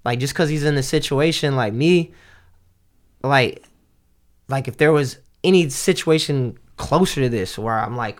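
A man's voice: medium pitch, a little slow. Slangy, profane man in casual chat. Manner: loose, slangy and profane, rambling with restarts.

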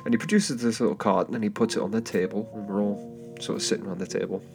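A gravelly, fairly low male voice from England moves fast with fairly even intonation. Hosting a podcast alone, he rambles through a travel story with many fillers, restarts and chuckling asides, recorded at home on a microphone with soft guitar music underneath.

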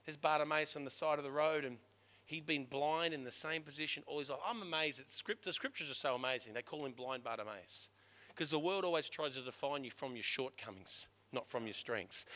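A middle-aged pastor delivers a sermon with real fervour. His voice sits high and rings bright. He urges his listeners loudly, then drops to a hushed, earnest tone to drive a point home. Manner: impassioned, shifting from loud urging to hushed emphasis.

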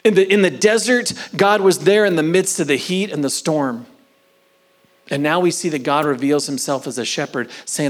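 A man preaching a sermon, moving between loud emphatic lines and soft whispered phrases, and drawing out key words slowly. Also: on the high side, expressive. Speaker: pastor.

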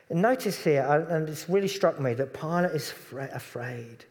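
A man preaching a sermon in a conversational way, sometimes dropping to a soft, hushed voice on tender points. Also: a little high, moderate pace, big-room sound.

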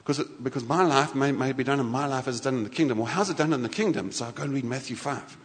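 A man preaching a sermon in a lively, conversational way, often restarting his sentences. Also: medium pitch, fast. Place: church hall. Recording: church hall reverb.

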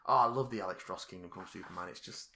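A man's voice: deep voice, quick pace, sharp tone. A man in his twenties co-hosting a casual podcast, enthusiastic and swearing freely. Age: 20s. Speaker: podcast co-host. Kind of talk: casual comics chat.

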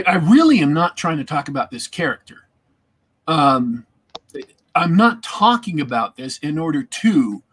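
A man's voice: fairly high pitch, fairly bright tone, slightly rough. A man in casual chat about tabletop gaming, rambling and repeating words as he thinks.

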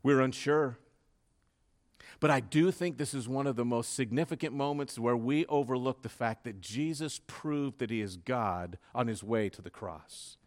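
A man preaching a sermon with fervor, dropping to a hush and then rising to loud, dramatic peaks. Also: medium pitch, normal speed. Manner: dramatic preaching, swinging from hushed to loud, fervent.

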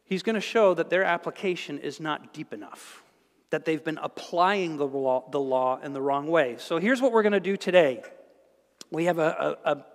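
A male pastor giving a conversational, animated sermon in a church, with many restarts and asides. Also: a little high. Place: church sanctuary. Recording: reverberant church hall.

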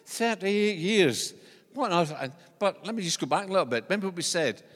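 A Scottish man preaching a sermon in a church, conversational and animated, with joking asides. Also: high-pitched, fairly quick. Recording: long church-hall reverb.

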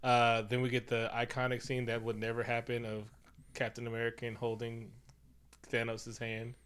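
A man's voice: mid-range voice, completely flat delivery, normal speed, a bit bright, clean tone. A man retelling a movie's plot in casual, profane chat, jumping into characters' lines as he goes.

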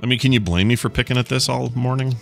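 A man hosting a podcast in casual chat, joking and rambling, now and then shouting for comic effect. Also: mid-range voice, quick pace, gravelly, soft background music. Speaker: podcast host. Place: studio, chewing jerky on air.

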